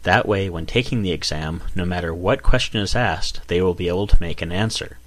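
Deep-voiced man, measured and explanatory. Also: a bit bright, no echo. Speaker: IELTS examiner. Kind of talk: scripted explanation.

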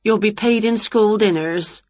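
A jolly school cook from a picture book, as a woman reads her. She speaks high and chirpy with a breathy edge. The recording sounds dull and lo-fi. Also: a little slow, no room sound, close to an everyday voice. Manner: bright and chirpy.

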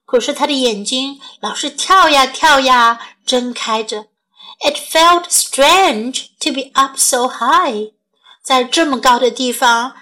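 A woman with a high, bright-toned voice reads a children's story, alternating between two languages. Her delivery is slow, gentle and clear, made for young listeners. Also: low-quality recording. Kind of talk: bilingual children's story reading.

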